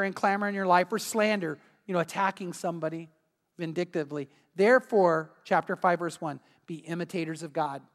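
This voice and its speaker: Male pastor, high voice, animated storyteller, church hall reverb. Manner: storytelling, lively and emphatic. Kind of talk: sermon. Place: church sanctuary.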